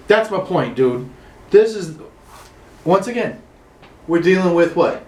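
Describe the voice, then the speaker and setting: A man's voice: on the high side, big pitch swings, moderate pace, pauses often, reverberant. A standup comedian man ranting sarcastically from his room, swearing and building into mock outrage. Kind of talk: solo comic rant.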